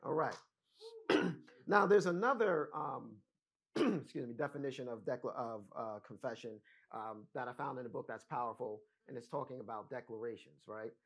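An American pastor preaches a teaching sermon in a husky, medium-pitched voice at a moderate pace. He walks through scripture step by step and often checks in with "right?" and "amen?".

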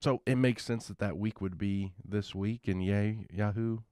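A man's voice: lowish voice, fairly even intonation, a little slow, mellow, smooth, no room sound, studio quality. A man co-hosting a podcast in casual chat, rambling with chuckles and often trailing off mid-thought. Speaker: podcast co-host.

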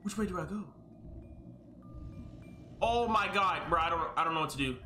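A man giving panicky, exclaiming commentary as he plays a horror game, often yelling at the screen. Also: a little high, a little slow, long pauses. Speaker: gaming video creator. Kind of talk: live gameplay commentary. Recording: roomy echo with loud game music behind. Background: game music.

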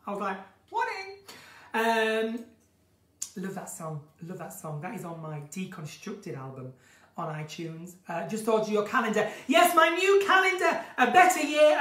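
A woman with a croaky voice hosts an unscripted live stream from her countryside home. She is chatty and gushing as she reads out viewers' comments. The phone sits a little way from her, so her voice comes through roomy and distant. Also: medium pitch. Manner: chatty, gushing, flamboyant, breaks into song.

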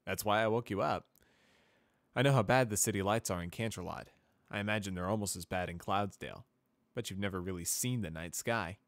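A man's voice: lowish voice, brisk, no echo, natural voice. A man voicing a cheerful, eager young male pegasus navigator in a fan storybook reading. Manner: upbeat, eager, talkative.

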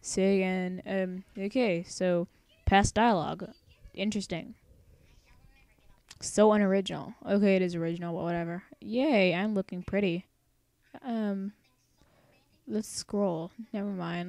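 A woman's voice: medium pitch, steady tone, measured pace, darkish tone, no room sound. A young woman narrating a let's play, chatty and sarcastic, rambling with singsong asides. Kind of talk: casual game commentary.

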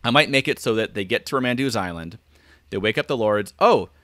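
A man's voice: lowish voice, fast talker, a bit bright, dry recording, studio quality. A man speaking as a podcast guest over a video call, thinking aloud and acting out quoted lines. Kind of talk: casual video call chat.

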